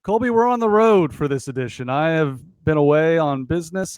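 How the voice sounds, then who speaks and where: A man, hosting a casual sports podcast over a remote call in a relaxed, conversational way. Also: on the high side, a little fast, hardly any pauses, smooth, no room sound. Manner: conversational, relaxed with occasional fillers. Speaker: podcast host.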